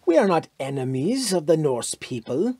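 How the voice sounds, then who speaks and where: A man's voice: a little high, very animated, moderate pace, mellow, no echo, studio quality, voice pushed up. A man reading the part of a fanatical young Nazi officer in an audiobook, in a fervent, pressing voice.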